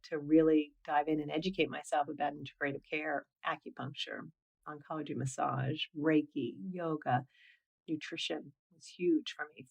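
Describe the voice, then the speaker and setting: A middle-aged woman speaks earnestly in an interview about the nonprofit she founded. Her voice sits a little low. She tells her story in an animated, personal way, often filling with "you know". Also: poor audio. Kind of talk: conversational interview.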